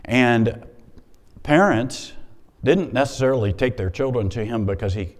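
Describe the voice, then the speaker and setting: Conversational man preaching in a reverberant hall. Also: medium pitch. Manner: conversational, animated, pauses to explain Scripture. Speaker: pastor. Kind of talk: sermon.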